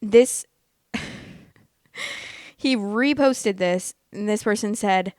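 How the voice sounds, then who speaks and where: A woman in her late twenties hosting a podcast, chatting casually and reading posts aloud in a candid, excitable way, swearing freely. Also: medium pitch, extremely slow, long pauses, no room sound, clean studio sound. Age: late 20s. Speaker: podcast host reading Reddit stories.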